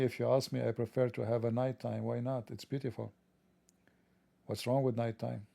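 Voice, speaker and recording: A man's voice: mid-range voice, creaky, dark tone, dry recording. A man hosting a livestream, delivering a sarcastic, joking, mocking monologue. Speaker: livestream host.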